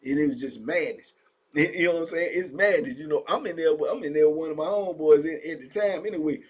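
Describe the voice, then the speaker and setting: A man with a Virginia accent telling stories about prison life in a casual, animated way, full of street slang and acting out the voices of other people. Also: on the high side, fast talker, breathy edge. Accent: Southern US, Virginia. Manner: animated, acts out voices of inmates and guards, drawling street slang. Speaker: storyteller recounting prison life. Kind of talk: casual storytelling monologue.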